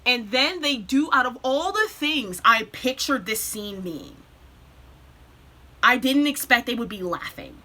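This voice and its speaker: Tearful, excitable young woman recapping a show. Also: on the high side. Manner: tearful, breaks off to compose herself; animated retelling with quick bursts. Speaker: vlogger.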